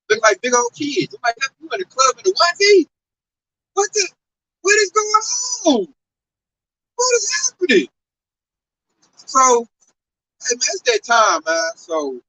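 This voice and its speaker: A man preaches outdoors on a city street, slangy and exclamatory, his pitch leaping around. His voice is bright and sharp. He is picked up from some distance off, with a faint wash of street noise behind him.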